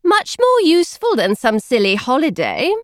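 A woman's voice: high-pitched, huge pitch swings, normal speed, no echo. A woman voicing a firm, practical middle-aged mother in a dry reading. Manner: firm, matter-of-fact.

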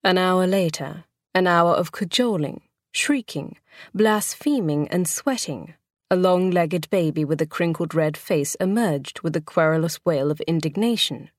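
Low-voiced woman narrating an audiobook. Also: no room sound, studio quality. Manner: measured, expressive storytelling. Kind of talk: scripted narration.

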